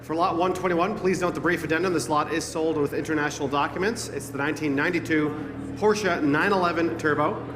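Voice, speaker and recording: A man reading out polished, enthusiastic descriptions of each lot for an auction. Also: fairly high pitch. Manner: polished, enthusiastic sales presentation. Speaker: lot announcer. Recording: echoey hall with long reverb.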